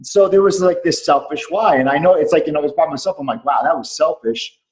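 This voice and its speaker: A man's voice: on the high side, fast, a little mellow, low-quality recording. A middle-aged man on a remote call, telling a personal story earnestly as a podcast guest, repeating phrases for weight. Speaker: podcast guest, clinic doctor.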